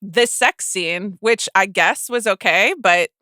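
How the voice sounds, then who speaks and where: A woman's voice: medium pitch, slow, sharp tone, no echo, studio quality. A woman hosting a podcast, chatting casually about movies with many fillers and restarts. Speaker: podcast host. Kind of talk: casual chat.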